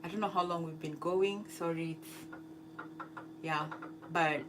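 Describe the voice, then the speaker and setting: A woman hosting a cooking livestream talks with a lowish voice and fairly even intonation over background noise. It's a casual, unhurried chat with viewers, heavy on fillers, with frequent laughter and some attempted French.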